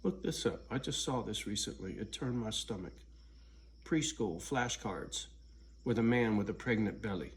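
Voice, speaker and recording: A man's voice: fairly low pitch, moderate pace. Profane, blunt man ranting to camera. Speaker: vlogger. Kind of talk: casual rant to camera. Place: at home alone.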